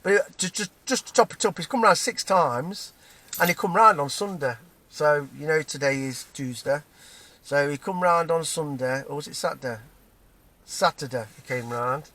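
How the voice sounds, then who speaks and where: A man with a broad Nottingham accent vents in a heated, profane rant, his voice sitting a little high for a man. He stumbles, restarts and keeps checking in with "right?". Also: normal speed, bright, forceful tone. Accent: Nottingham English. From England, Nottingham. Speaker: vlogger. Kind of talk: angry personal rant to camera.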